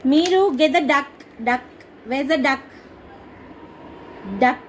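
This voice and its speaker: A young Indian woman with an Indian English accent, coaxing her toddler in slow, sing-song baby talk and making animal sounds. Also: high-pitched, slight background noise, rough recording. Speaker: mother teaching her toddler.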